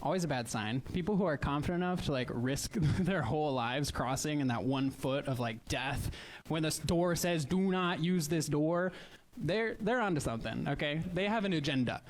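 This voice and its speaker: A man with a Midwestern American accent doing a stand-up comedy set, telling stories in a chatty, wry way with quick asides. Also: fairly high pitch, animated. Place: live comedy stage.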